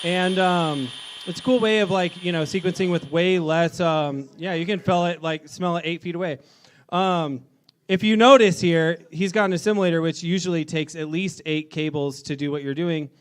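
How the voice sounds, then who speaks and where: A man's voice: a little high, fairly even intonation, moderate pace, clean tone. Upbeat, profane man hosting a bar event. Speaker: event host. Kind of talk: casual onstage interview. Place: bar at a live music event.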